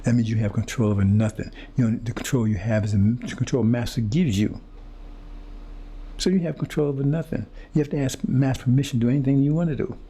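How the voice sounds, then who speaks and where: This preacher's mid-range voice is mellow and husky, his intonation fairly even, and he talks fast. Fiery and confrontational toward his audience, he leans on repetitive phrasing and stumbles into restarts as he searches for words.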